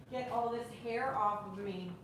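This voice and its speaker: A woman's voice: on the high side, roomy sound, background noise. A woman hosting a live stream from home, chatting casually, greeting viewers by name and cooing at her puppy. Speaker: acrylic pour artist hosting a live stream. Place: home room with the door closed.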